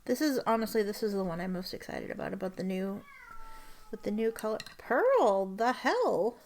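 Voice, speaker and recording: A woman's voice: medium pitch, quick pace, a little mellow. A young adult woman chatting casually as she swatches inks for her vlog, often dropping to a half-whisper. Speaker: stationery vlogger. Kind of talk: casual show-and-tell while swatching ink.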